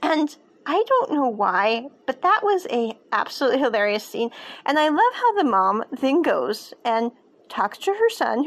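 Enthusiastic rambling woman reviewing a show. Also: high-pitched. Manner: enthusiastic, digressive. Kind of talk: casual review chat.

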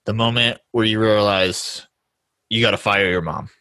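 A man's voice: fairly low pitch, moderate pace, bright, forceful tone. A man hosting a podcast, chatting casually in an easygoing way and laughing often. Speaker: podcast host. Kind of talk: casual chat.

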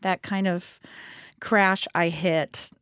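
A woman guest talks candidly in a studio, her voice a little low and dry. She speaks openly and often breaks into laughter. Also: fairly even intonation, a bit bright, clear, resonant tone, no echo. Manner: candid, quick bursts of laughter. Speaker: guest, stage actress and singer. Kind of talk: casual interview talk. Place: recording studio.

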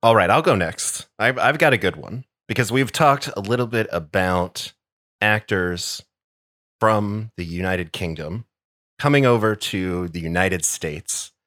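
A man's voice: on the low side, a bit bright, no room sound, clean studio sound. A man co-hosting a podcast in casual chat, wry and joking. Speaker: podcast co-host.

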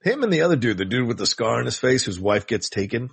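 A man co-hosting a casual podcast chat, animated and quick to laugh. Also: mid-range voice, vocal fry, husky, no room sound. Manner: animated, laughs often, slips into quoting. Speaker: podcast co-host ranking film quotes.

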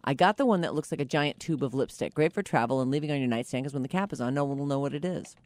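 A woman's voice: rumbling low, very fast, darkish tone, no room sound. A woman co-hosting a podcast, reading a listener's letter aloud in a matter-of-fact way with wry asides. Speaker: podcast co-host.

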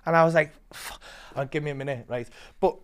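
Guest comedian, male, slightly high voice, sweary and animated storyteller. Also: a little fast. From England. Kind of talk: casual storytelling.

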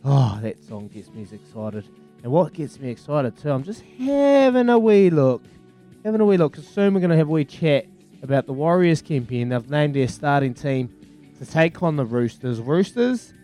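A man's voice: medium pitch, fairly quick, warm tone, faint music behind. A man, hosting breakfast sports talk radio with upbeat enthusiasm. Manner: upbeat, enthusiastic, hesitant when thinking. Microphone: studio mic.

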